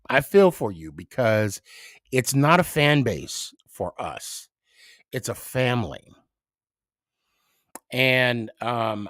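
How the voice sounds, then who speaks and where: A man hosts his podcast in a slow, halting voice, stopping often on fillers and restarting his sentences. His pitch rises and falls widely as he talks. The sound is close and dry, with no room around it. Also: a bit bright, no room sound. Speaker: podcast host. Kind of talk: casual emotional monologue.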